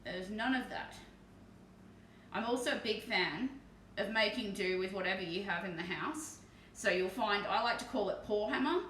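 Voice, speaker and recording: Painting miniatures on a live stream from a room at home, this Perth woman with an Australian accent chats casually and swears. She has a medium-pitched, slightly bright voice at a moderate pace. The room is echoey and she's recorded from a distance, off mic, with a little hiss or hum.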